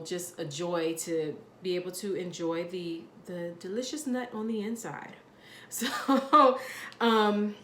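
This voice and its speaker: A woman's voice: mid-range voice, a bit bright, roomy sound, a little hiss or hum. Chatty woman reading tarot cards. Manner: chatty, rambling, frequent fillers and laughs. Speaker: tarot card reader. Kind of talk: casual pick-a-card tarot reading.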